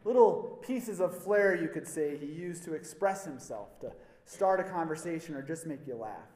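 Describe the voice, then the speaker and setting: A man's voice: on the high side, lively intonation, normal speed, darkish tone. Man, pastor, conversational sermon, wry humor, roomy hall with long echo. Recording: echoey hall reverb.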